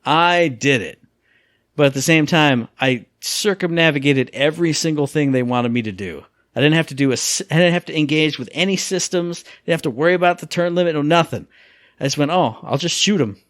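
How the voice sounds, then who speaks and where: Animated male podcast co-host. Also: on the high side, a little fast, dry recording, clean studio sound. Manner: animated storyteller, acts out quotes and sound effects. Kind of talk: casual podcast chat.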